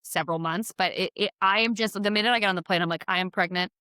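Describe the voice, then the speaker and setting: A young woman guest on a podcast in casual chat, talking haltingly with many restarts. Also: medium pitch, sharp tone, dry recording.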